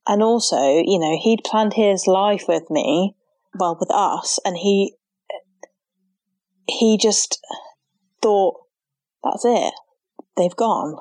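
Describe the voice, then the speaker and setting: A woman's voice: mid-range voice, slow pace, pauses often, a little mellow, no room sound. A young woman, telling her personal story in an interview in an earnest, heartfelt way, with many "like" fillers. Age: young adult. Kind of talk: emotional personal account.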